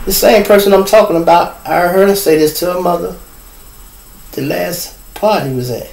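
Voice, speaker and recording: A man's voice: sits high, moderate pace, vocal fry, a little mellow, echoey room, a little hiss or hum, low-quality recording. A middle-aged man from Chicago with a Chicago accent, ranting bluntly and profanely to his viewers as host of a casual live stream.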